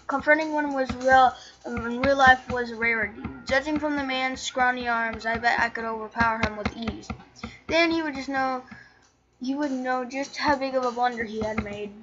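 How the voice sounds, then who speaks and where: A woman's voice: sits high, lo-fi sound. A woman reading a story game aloud as narrator, chatty and often tripping over words and correcting herself. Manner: chatty, stumbles and self-corrects while reading. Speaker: channel host reading a game. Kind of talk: reading a visual novel aloud.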